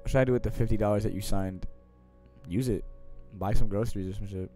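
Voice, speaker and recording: A young man chats on a live stream, reading out viewer questions in fast, slangy, profane talk with a lowish voice. He swings between mumbled asides and loud, excited bursts, with soft music in the background.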